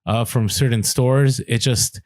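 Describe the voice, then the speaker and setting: A man's voice: mid-range voice, steady tone, unhurried, darkish tone, no echo. Chatty male podcast co-host, dry sound. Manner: chatty, many fillers and restarts. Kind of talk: casual podcast chat.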